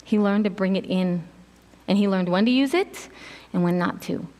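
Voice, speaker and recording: A middle-aged woman giving a casual sermon, telling stories in an animated way and acting out quotes with laughs. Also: mid-range voice, moderate pace. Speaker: preacher. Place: church sanctuary. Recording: long hall reverb.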